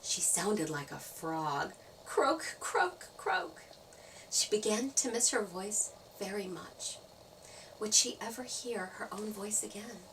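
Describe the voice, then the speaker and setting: A woman storyteller reading a children's story aloud, playful and expressive. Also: medium pitch, measured pace, far from the mic, slight background noise, poor audio. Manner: expressive, playful sound effects.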